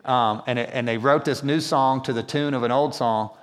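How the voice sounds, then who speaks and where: A man's voice: mid-range voice, fairly even intonation, moderate pace. A man preaching a sermon in a casual, conversational way, often asking the congregation questions. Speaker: pastor. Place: church hall. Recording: long reverb of a church hall.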